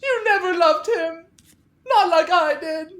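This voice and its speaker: A woman's voice: extremely high pitch, unhurried, reverberant, pitched above the performer's own voice. Woman doing a shrieking, sobbing young woman. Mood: hysterical. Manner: screaming through tears. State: crying.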